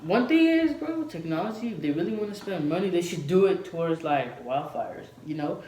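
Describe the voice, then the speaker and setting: A young man talking in a casual podcast chat, slangy and looping back over his words with a slightly high voice. He sounds like he's in an echoey room. There's a faint hiss under him. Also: lively intonation, a little fast, a little mellow. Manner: slangy, repeats himself, says bro a lot. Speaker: podcast co-host.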